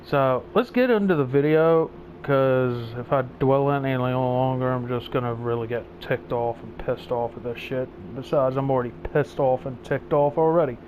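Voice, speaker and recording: A man's voice: mid-range voice, moderate pace, muffled recording, slight background noise. Swearing angry man. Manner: profane, angry, swearing heavily. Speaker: gaming channel host. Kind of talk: angry rant over gameplay.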